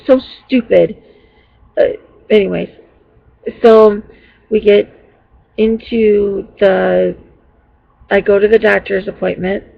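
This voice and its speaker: A woman's voice: medium pitch, creaky. A woman vlogger telling her viewers a story in a rambling, casual way with many fillers and restarts, sounding exasperated. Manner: exasperated retelling. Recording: dull lo-fi home recording.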